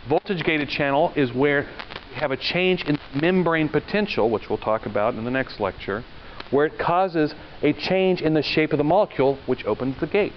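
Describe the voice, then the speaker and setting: A man's voice: on the high side, expressive, normal speed. A male university lecturer giving a classroom lecture, talking conversationally, asking the class questions and telling stories along the way. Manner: conversational, asks the class questions, tells anecdotes. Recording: dull lo-fi lecture recording with faint noise.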